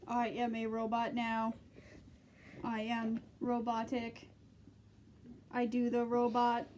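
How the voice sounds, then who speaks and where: A woman voicing a toy pony that acts as a stiff, flat-voiced robot during pretend play with plush toys. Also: a little high, takes it slowly, slight background noise. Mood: robotic. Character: toy pony, female, cast as a monotone robot.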